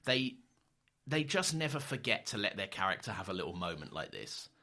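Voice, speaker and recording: Lively, bright-voiced man in casual chat. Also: lowish voice, brisk. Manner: animated, laughs often, swears casually. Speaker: podcast co-host.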